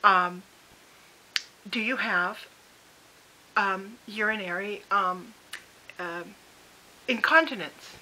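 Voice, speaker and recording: A hesitant young receptionist works through a checklist, as a woman acts her out. She sounds halting and slow, stalling with fillers in a bright voice. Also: mid-range voice, exaggerated voice, poor audio.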